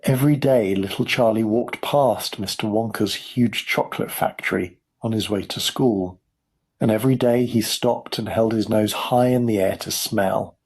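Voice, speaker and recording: A man narrating a children's story for English learners in a clear, measured storytelling voice. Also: fairly low pitch, darkish tone. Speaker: audiobook narrator.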